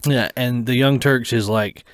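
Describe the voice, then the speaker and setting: A man's voice: medium pitch, steady tone, measured pace, dry recording, clean studio sound. A young man co-hosting a podcast, telling rambling stories in casual chat and laughing often. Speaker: podcast co-host.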